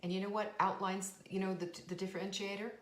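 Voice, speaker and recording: A woman's voice: medium pitch, level tone, quick pace, reverberant. Emphatic woman giving a motivational talk. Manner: emphatic, repetitive, earnest. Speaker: podcast host and coach.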